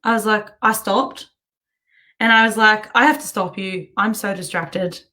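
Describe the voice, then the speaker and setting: A woman hosting a show, telling a story in a chatty, animated way and often breaking into giggles. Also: medium pitch, measured pace. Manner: chatty and animated, self-interrupting. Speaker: host. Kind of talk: casual storytelling monologue.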